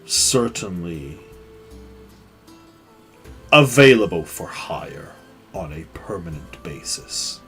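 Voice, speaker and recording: A man doing a stern horned warlord, low and commanding. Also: very animated, slow pace, pauses often, a bit bright, faint music behind, exaggerated voice. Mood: businesslike. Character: towering grey-skinned horned male warlord, stern.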